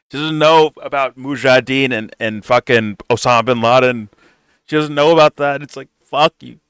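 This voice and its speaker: A young man with a mid-range, slightly bright, clean voice hosts a reaction commentary on clips, cursing and mocking in a blunt, sarcastic way. The recording is dry and studio quality.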